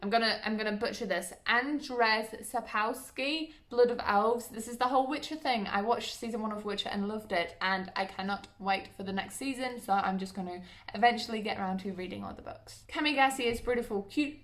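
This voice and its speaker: A woman's voice: a little high, a little fast, a bit bright. A young woman vlogging at home, chatting casually as she lists books and adds self-deprecating asides. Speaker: book vlogger. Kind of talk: casual book list vlog.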